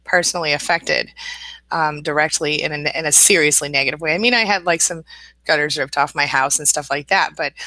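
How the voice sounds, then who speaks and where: A woman's voice: low voice, dry recording, poor audio. Chatty midwestern woman answering viewer comments. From American Midwest. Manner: warm, reassuring, talks straight to viewers; chatty with fillers and repeats. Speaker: live-stream host answering viewer comments. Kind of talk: casual live chat, reading comments aloud.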